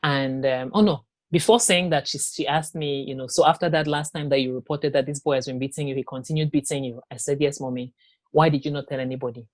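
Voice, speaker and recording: A woman giving a personal testimony in an interview, telling her story haltingly with pauses, restarts and quoted dialogue. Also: rumbling low, fairly even intonation, dry recording. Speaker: interview guest.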